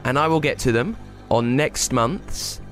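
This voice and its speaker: A man hosting a children's science podcast, with a slightly gravelly voice, explaining things playfully and speaking straight to young listeners. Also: medium pitch, unhurried, fairly bright tone, soft background music.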